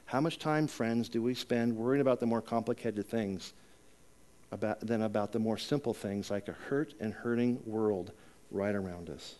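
A man preaching a conversational sermon, telling a personal story with chatty asides, rising loud and high in exciting parts and dropping low and soft to reflect. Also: normal speed. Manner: chatty asides and self-deprecating humor.

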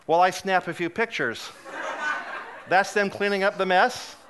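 A man preaching a sermon, telling a funny personal story with lively, self-deprecating humor and frequent laughs. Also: high voice, unhurried, background noise. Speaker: guest preacher.

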